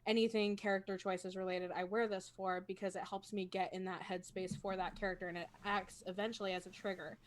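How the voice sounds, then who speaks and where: A woman's voice: mid-range voice, level tone, fairly quick, few pauses, a little hiss or hum. A woman talking casually as a role-playing game player on a video call, chatty and self-conscious, laughing often. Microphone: home streaming microphone.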